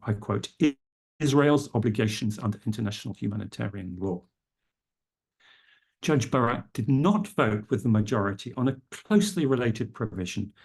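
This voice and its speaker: Gravelly, husky man lecturing. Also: mid-range voice, a little mellow. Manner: measured, quotes legal texts carefully. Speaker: speaker at a public health lecture. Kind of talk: formal lecture. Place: lecture room.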